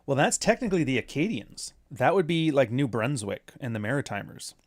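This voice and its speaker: A man's voice: medium pitch, sing-song, fairly quick, no room sound, clean studio sound. A man doing casual commentary, rambling through sarcastic asides. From Canada. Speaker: commentary host.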